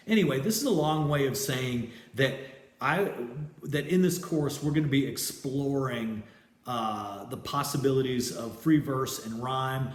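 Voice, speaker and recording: Slow, hesitant male teacher in an echoey room. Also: mid-range voice. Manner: hesitant, many fillers and restarts; explanatory, checks in with "right?". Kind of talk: recorded class lecture.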